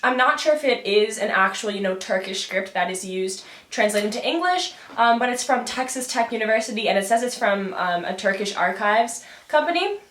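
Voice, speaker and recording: A woman's voice: mid-range voice, expressive, moderate pace, few pauses, fairly bright tone. Young woman student, casual chatty explainer, filler-heavy, roomy camera-mic sound. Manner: chatty, many fillers, thinking aloud. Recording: roomy echoing room.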